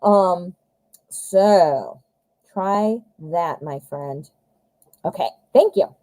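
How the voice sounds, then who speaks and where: A woman's voice: mid-range voice, slow, warm tone, dry recording, low-quality recording. A woman giving a live-stream tarot reading, chatting directly to viewers with lots of fillers and friendly asides. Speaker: tarot reader.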